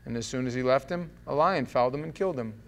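A man's voice: medium pitch, fast talker, gravelly. A man preaching a sermon, joking and acting out the scripture with voices. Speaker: pastor.

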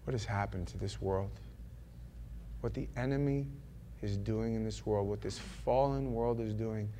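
A man from New York preaching a sermon, animated and joking, acting out little voices as he tells his stories. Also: lowish voice, unhurried, slight background noise. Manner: animated, acts out voices and jokes.

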